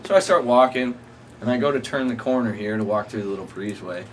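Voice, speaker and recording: Captured in noisy amateur audio, a young storyteller with a medium-pitched voice speaks quickly. He's relaying a meandering, foul-mouthed anecdote to friends and keeps breaking into laughter.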